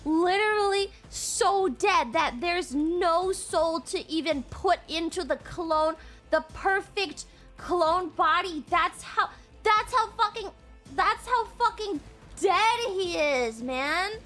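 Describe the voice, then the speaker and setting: A young woman streaming live to her chat, highly emotive, laughing often and swearing freely. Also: slow pace, fairly bright tone, soft background music.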